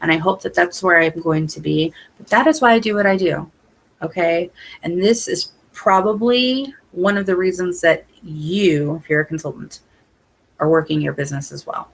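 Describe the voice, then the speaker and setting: A woman's voice: lowish voice, moderate pace, gravelly. A young woman giving a casual motivational talk to her sales team, chatty with many fillers, earnest and openly emotional. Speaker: independent sales consultant.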